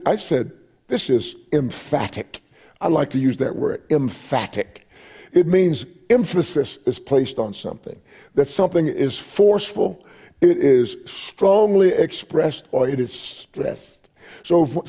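A man's voice: on the high side, dark tone, husky. A man in his forties preaching a sermon while he has a cold, reading scripture aloud and repeating phrases for emphasis. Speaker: pastor.

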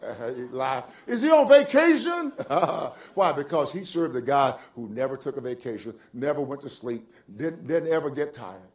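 An older male pastor preaching a sermon, moving from soft, musing asides to loud, drawn-out emphasis, repeating phrases and chuckling as he goes. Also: mid-range voice. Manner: swings from quiet musing to loud, stretched-out emphasis.

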